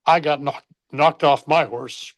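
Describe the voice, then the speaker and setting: A man's voice: fairly high pitch, a little slow. An older man, a former baseball coach, earnestly telling an emotional personal story in an interview, often stopping to correct himself.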